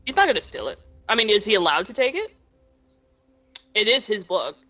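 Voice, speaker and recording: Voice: mid-range voice, big pitch swings, fairly quick, muffled recording, a crowd in the background. A player in a tabletop game, thinking aloud and restarting sentences. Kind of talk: casual tabletop role-play.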